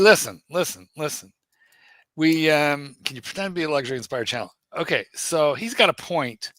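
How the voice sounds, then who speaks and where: A man's voice: medium pitch, a bit bright, no echo. A man hosting a livestream, teasing and bossing his co-host in casual banter.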